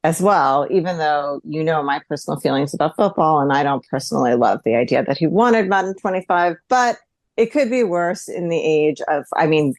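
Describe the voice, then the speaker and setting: Woman co-host, very low voice, dry close sound, measured conversational chat. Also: animated, dry recording. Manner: conversational, laughs easily, measured. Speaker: podcast co-host. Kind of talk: casual chat.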